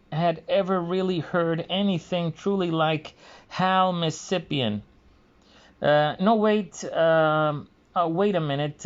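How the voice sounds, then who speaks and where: Male, casual video monologue; halting, pause-heavy delivery, slightly high pitch, muffled lo-fi recording. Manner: halting, hesitant, frequent pauses. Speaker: video creator. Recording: dull lo-fi recording.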